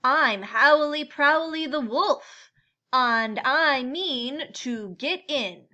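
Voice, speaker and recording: A woman's voice: sits high, very slow, lo-fi sound, heavily acted. A woman doing a bold pushy wolf. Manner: loud and forward.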